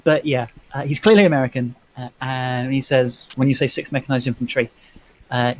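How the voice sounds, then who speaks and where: Male game master, mid-pitched, halting descriptive narration. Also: no room sound, poor audio.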